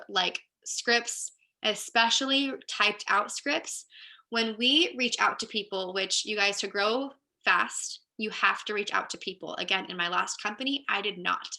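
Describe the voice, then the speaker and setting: A woman's voice: fairly high pitch, sharp tone. A woman giving a casual training talk to her team, chatty and direct, often saying "like" and "you guys". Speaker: team leader.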